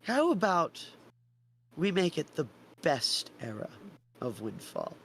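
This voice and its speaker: A man's voice: on the high side, huge pitch swings, takes it slowly, creaky, a bit bright, a little hiss or hum, voice pushed up, heavily acted. A man voicing a boastful, fake-charming male lord with a grandiose, theatrical way of talking. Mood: smarmy charm.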